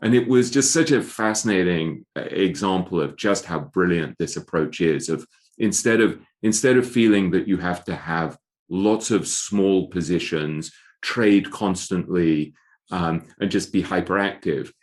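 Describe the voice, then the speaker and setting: A man's voice: sits low, measured pace. A middle-aged man speaking as an author guest in an interview, thoughtful and often repeating words as he searches for phrasing. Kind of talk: conversational interview.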